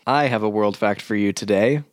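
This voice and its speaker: A man hosting and narrating as game master of a tabletop game podcast, relaxed and chuckling. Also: lowish voice, normal speed, no echo, clean studio sound.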